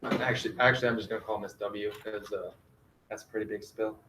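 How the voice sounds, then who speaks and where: A man's voice: lowish voice, steady tone, fast talker, background noise. Man teaching math in an echoey classroom. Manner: asks students questions, gently directive.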